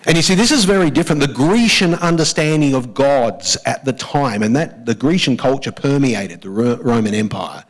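An Australian man preaching a sermon in an ordinary, mid-range voice. He leans hard on key phrases, slows right down to repeat them, and has the congregation say the lines back to him. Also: medium pitch, poor audio. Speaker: pastor. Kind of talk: church sermon.

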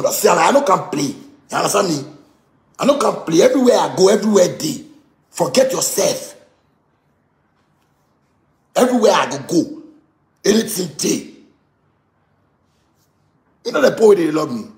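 Heated Ghanaian man, high gravelly voice. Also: sing-song, normal speed, long pauses, roomy sound. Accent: Ghanaian Pidgin English. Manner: heated, repetitive, stammering outbursts. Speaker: musician. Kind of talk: angry rant.

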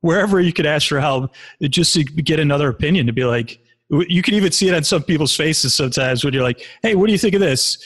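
A man's voice: a little high, fast, a bit bright. A man in his forties telling stories candidly in a casual, rambling way, with many restarts and fillers, as a podcast guest. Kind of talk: casual conversational storytelling.

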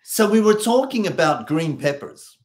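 An Australian man talking in a relaxed conversational way. He tells anecdotes with energy and mimics the people he quotes. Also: a little high, moderate pace. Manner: animated storyteller, acts out quoted voices. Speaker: co-host. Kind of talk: casual chat.

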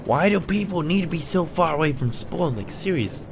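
A young man casually narrating his own gameplay in a relaxed, rambling way, having just woken up. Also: on the high side, moderate pace, vocal fry, background noise. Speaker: gaming YouTuber. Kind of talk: casual Minecraft let's play.

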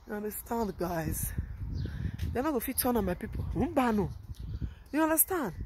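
A woman with a Nigerian Pidgin English accent walks along a road and vlogs into her phone, taunting her rivals in a mocking, repetitive way. Her voice jumps from calm to loud. Clear outdoor noise runs under the whole recording. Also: medium pitch, normal speed, pauses often. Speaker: vlogger. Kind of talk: outdoor gossip vlog.

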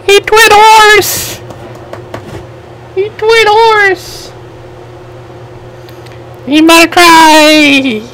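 A woman commenting on a basketball video game as she plays, shouting, laughing and trash-talking. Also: very high-pitched, noisy background. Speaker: gamer. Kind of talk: excited gameplay commentary.

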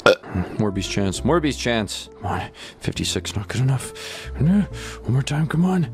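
A young man commentating an online game, his voice leaping around in pitch as he goes from hushed whispering to startled shouts. Faint game music plays underneath. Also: normal speed. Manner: animated, jumps between whispers and loud squeals. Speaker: gaming YouTuber. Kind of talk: excited gameplay commentary.

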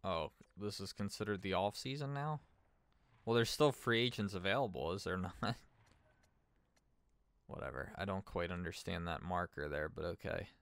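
A man's voice: deep voice, normal speed, gravelly, a bit bright, no room sound. A man giving casual gameplay commentary as a streamer, thinking aloud and chatting with his viewers. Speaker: gaming streamer.

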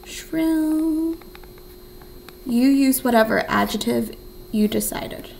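Lady teacher, really creaky voice, slow and encouraging, faint noise behind. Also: a little high, poor audio. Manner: encouraging, thinking aloud while writing; counts syllables in a soft whisper. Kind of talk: remote writing lesson.

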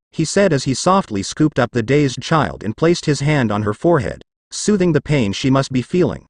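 A man narrating a fan fiction story with an expressive, dramatic reading. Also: mid-range voice, moderate pace, hardly any pauses, no room sound, studio quality.

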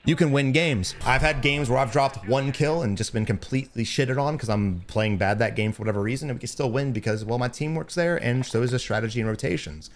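A young man giving blunt, profane gameplay commentary as a streamer, breaking into loud excited bursts. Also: medium pitch, a little fast, few pauses. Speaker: gaming streamer.

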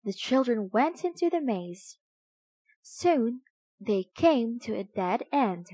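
A woman reading a children's story aloud, slow and expressive in a sing-song way. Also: fairly high pitch, no room sound. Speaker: storybook reader.

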